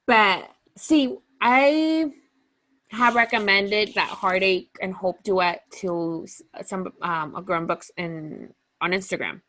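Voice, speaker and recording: A woman's voice: mid-range voice, takes it slowly. Gushing woman chatting about books. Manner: gushing, emotional, animated storytelling. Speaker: podcast co-host. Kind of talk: casual book chat.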